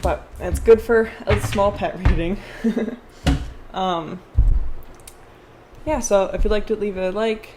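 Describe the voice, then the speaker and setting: A woman's voice: medium pitch, takes it slowly, pauses often, noisy background. Chatty woman giving a tarot reading. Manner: chatty, rambling, with frequent fillers and restarts. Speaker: tarot card reader. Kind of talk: casual tarot reading vlog.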